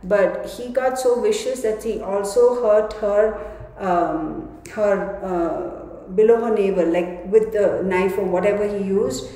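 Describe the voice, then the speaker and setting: A woman's voice: medium pitch, dark tone. A woman giving a tarot reading to her viewers in a rambling, emphatic casual monologue. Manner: rambling, emphatic, with many restarts. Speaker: tarot reader. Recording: echoey room with long reverb.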